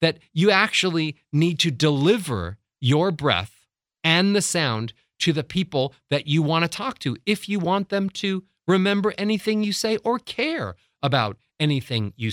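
A middle-aged man working as a voice coach, teaching breathing with lively, acted-out examples. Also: on the high side, no echo, studio quality. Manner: animated, acts out little scenes and demonstrates breathing. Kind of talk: instructional talk with acted examples.

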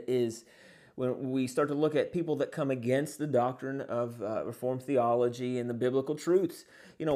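A man teaching as a pastor in an earnest sermon, pausing often on fillers and posing many rhetorical questions. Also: medium pitch, mellow.

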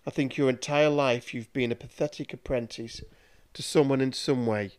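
A man's voice: mid-range voice, fairly even intonation, moderate pace, darkish tone, natural voice. A man voicing a cruel, scheming male warlock who gloats over his young apprentice. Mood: gloating. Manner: menacing, gloating speeches.

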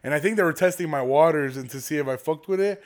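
A man's voice: fairly high pitch, fast. A man hosting a podcast, talking in a laid-back, profane way and laughing easily. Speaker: podcast host. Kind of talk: casual podcast chat.

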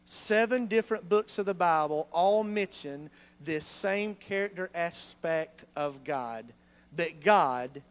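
This male pastor's church sermon is animated and chatty, packed with rhetorical questions, and his voice sits at a fairly high pitch.

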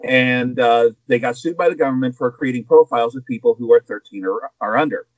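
A man's voice: mid-range voice, brisk, dry recording, highs cut off. Man explaining news on a podcast. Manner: explanatory, with asides and filler. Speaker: guest co-host. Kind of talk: casual podcast chat.

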